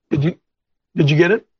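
A man hosting a Bible teaching show, preaching informally to camera in an animated, rambling way with folksy asides. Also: a little high, breathy edge, dry recording, muffled recording. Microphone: on camera, wearing glasses.

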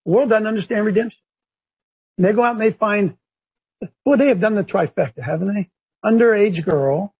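A man hosting a talk show, ranting in a fiery, preachy way with a gravelly, husky voice. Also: a little fast, pauses often, muffled recording. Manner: fiery and preachy, rising to shouts and high mocking voices. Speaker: show host. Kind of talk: impassioned talk show rant.

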